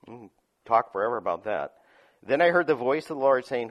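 A man preaching a sermon, reading scripture aloud and explaining it, moving between loud emphatic lines and quiet asides with frequent chuckles. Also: mid-range voice, lively intonation, quick pace. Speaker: pastor.

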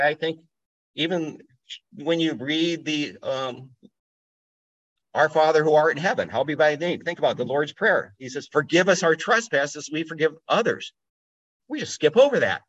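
A man's voice: a little high, fairly bright tone, husky. A man teaching from the Bible in a conversational sermon style, thinking aloud and asking listeners to stop and think. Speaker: pastor. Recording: dull lo-fi audio.

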